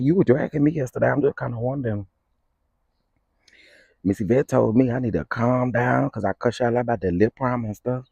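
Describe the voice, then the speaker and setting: A man's voice: on the low side, gravelly, dark tone, breathy edge, no echo. A man hosting a casual morning livestream outdoors, greeting viewers by name in a playful, chatty, sing-song way. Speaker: livestream host.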